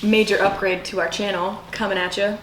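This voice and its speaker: A woman's voice: mid-range voice, little pitch movement, a little fast, fairly bright tone, slight background noise. A young adult woman co-hosting a casual eating show, eagerly asking follow-up questions. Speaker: co-host. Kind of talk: casual chat. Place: indoors. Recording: echoey room.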